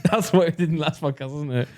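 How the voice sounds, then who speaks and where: A man hosting a podcast in a studio, chatting casually, teasing and laughing often. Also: on the high side. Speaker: podcast host. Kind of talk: casual chat.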